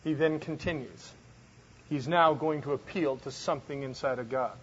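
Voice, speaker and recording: During a Bible study, a man reads scripture aloud with dramatic emphasis and then explains it conversationally. His mid-range voice is slightly rough and moves at normal speed, captured in a dull lo-fi recording.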